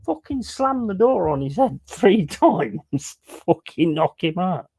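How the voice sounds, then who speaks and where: A man's voice: sits high, big pitch swings, slow pace, creaky, mellow, husky, no room sound. A man telling crude, blunt stories in a casual chat while streaming a game. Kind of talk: casual sweary storytelling while gaming.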